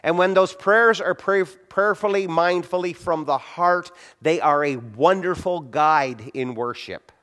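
A man's voice: a little high, unhurried, hardly any pauses, fairly bright tone. A middle-aged male pastor giving a conversational sermon on prayer, acting out short quotes as he tells stories. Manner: conversational preaching with acted-out quotes.

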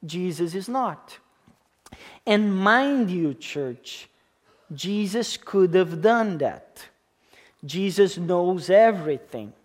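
With a high voice, lively intonation, and drawn-out words, a man in his thirties preaches to his congregation in English, his second language, with a foreign accent. He's a pastor who repeats key words for emphasis and keeps checking in with the people listening.

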